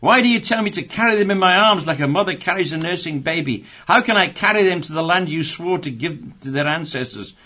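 A man voicing a weary old male prophet, pleading in high, rising exasperation as he reads scripture aloud. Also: animated, brisk, hardly any pauses, pushed and bright. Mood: exasperated pleading. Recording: dull lo-fi recording.

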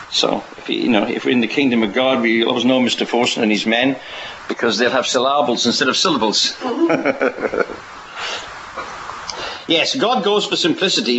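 A man's voice: mid-range voice, expressive, fairly quick, noisy background. A man preaching a sermon in a rambling way, often restarting and asking rhetorical questions. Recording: dull lo-fi recording.

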